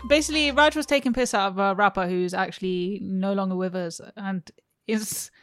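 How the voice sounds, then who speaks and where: A woman's voice: mid-range voice, moderate pace, soft background music. A young woman co-hosting a podcast, casual and teasing with a wry humour. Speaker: podcast co-host. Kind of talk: casual chat.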